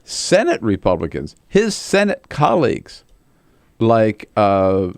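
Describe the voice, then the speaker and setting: A man with a low voice hosts a political talk radio show, commenting on the news in an animated way. His voice is recorded close and dry in a studio. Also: slow pace, no room sound.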